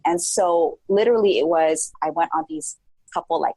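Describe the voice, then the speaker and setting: A woman in her forties talks as a podcast guest in a relaxed, animated way, full of "like" fillers and quick re-enactments of her own thoughts. Her voice sits on the low side with a husky, breathy edge. The recording is dry, with no room sound. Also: dry recording, poor audio. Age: 40s. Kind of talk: casual interview chat.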